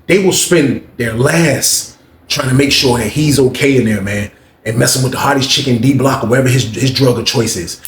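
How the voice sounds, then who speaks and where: A man telling a story in a casual, slangy way, animated and acting out the dialogue. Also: mid-range voice, vocal fry. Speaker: storyteller recounting prison life. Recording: echoey room with faint noise.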